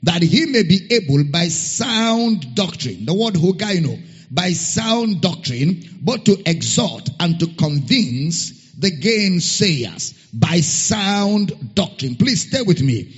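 Male pastor, high husky voice, slow emphatic scripture reading, reverberant hall. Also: sing-song. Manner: spells out a Greek word letter by letter. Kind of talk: sermon. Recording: muffled sound with long hall reverb.

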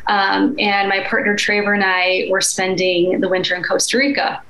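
A woman with a Chicago accent speaks as a coach and podcast guest, earnest and reflective, loosely filling her speech with "like." Her mid-pitched voice sits in an echoey room with a faint hum of noise. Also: little pitch movement, moderate pace, pushed and bright. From Midwest United States. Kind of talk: casual interview talk.

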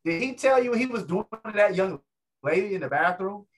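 A man with a fairly high voice tells a wild story with a lot of energy. He jumps into other people's voices as the story goes. He sounds loose and casual, like a guest chatting on a show. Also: lively intonation, fairly quick. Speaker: guest, ring announcer.

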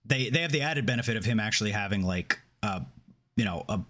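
A man co-hosting a podcast, recapping and discussing a TV episode in relaxed, rambling chat full of fillers. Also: on the low side, quick pace. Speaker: podcast co-host. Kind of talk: casual chat breaking down a TV episode.

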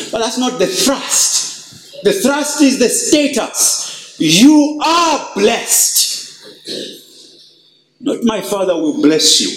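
A male pastor preaching a sermon, stressing key words with slow, drawn-out emphasis. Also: high-pitched, roomy sound, poor audio.

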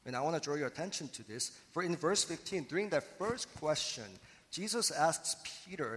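A man preaching a sermon as pastor, earnest and emphatic, slowing and pausing for effect on key words. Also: a little high, lively intonation, a bit bright, long reverb tail.

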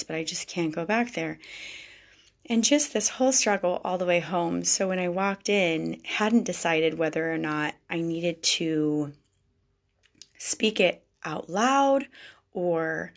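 Woman vlogger, lowish voice with vocal fry; earnest, confessional personal storytelling. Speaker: vlogger speaking to wives.

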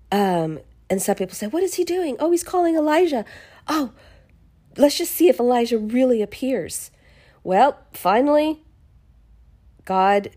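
A woman casually retelling a Bible chapter in her own words, expressive and chatty, often restarting her sentences. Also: mid-range voice. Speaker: podcast host reading the Bible.

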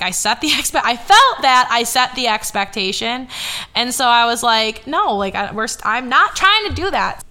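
A woman in her twenties hosting a podcast, telling a story in casual chat, animated and swearing as she acts out quoted dialogue. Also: on the high side, smooth. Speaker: podcast host.

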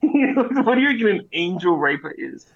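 A man's voice: high-pitched, sing-song, normal speed. Sweary Australian man telling stories. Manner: swears freely, laughs, tells stories. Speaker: podcast co-host, army veteran. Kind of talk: casual chat. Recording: dull lo-fi sound.

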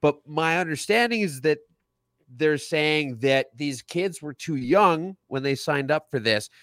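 A man's voice: a little high, expressive, measured pace, fairly bright tone, no room sound. A man co-hosting a podcast, ranting casually about politics with lots of filler words. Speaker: podcast co-host.

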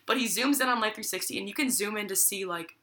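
A woman's voice: mid-range voice, fast talker. A young woman telling a long story in casual chat, acting out what people said and using "like" a lot. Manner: lively storyteller, acts out quotes with many "like"s.

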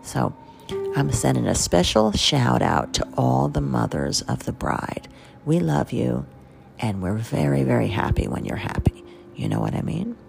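A woman's voice: rumbling low, animated, unhurried, gravelly, darkish tone, soft background music. A woman with a New York accent hosting her own podcast, telling rambling, self-deprecating stories in a chatty way. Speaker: podcast host and caterer. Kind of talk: casual storytelling monologue.

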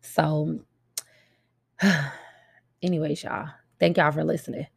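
A middle-aged woman speaks to her viewers in a casual, emphatic monologue, driving her points home by saying them twice. Her voice sits low with a gravelly edge. The recording is dry and close, with little room sound. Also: fairly even intonation, slow, no echo. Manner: frank, emphatic, repeats points for stress. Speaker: mother and vlogger.

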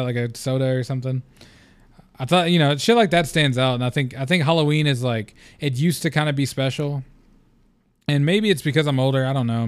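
A man's voice: medium pitch, smooth, dry recording. Young man rambling on a podcast. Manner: rambling, loose and candid, frequent fillers and swearing. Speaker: podcast host. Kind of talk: casual solo podcast monologue.

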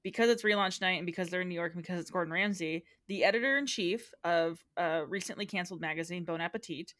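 A woman's voice: fairly low pitch, quick pace, fairly bright tone, no room sound. A woman recapping a show in casual podcast chat, giggly, with dry jokes.

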